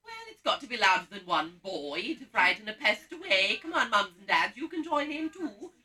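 Woman doing a big brassy panto cook, bossy with the crowd, swoopy bright voice, far from mic. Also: mid-range voice, sing-song, moderate pace. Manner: loud, brassy, leads audience call-and-response. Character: boastful vain comic cook woman. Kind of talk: pantomime stage acting.

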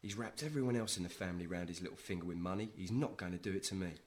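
Playing a broke, scruffy sitcom character who swaps dry digs with his brother, a British-accented actor speaks in a low, rapid-fire voice with a wry, dry edge. It sounds close to everyday speech, with slight background noise.

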